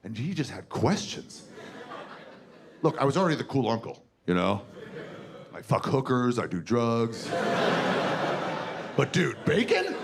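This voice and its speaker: A male stand-up comedian in his forties works a theater crowd with crude, animated stories and quick character bits. His voice has a gravelly edge. The live room is noisy, and audience laughter carries through it. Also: mid-range voice.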